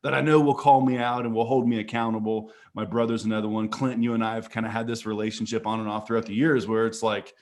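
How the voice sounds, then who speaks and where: A man's voice: on the low side, level tone, fast talker, few pauses, darkish tone. A man speaking as a guest on a casual panel call, earnest and repeating words as he thinks.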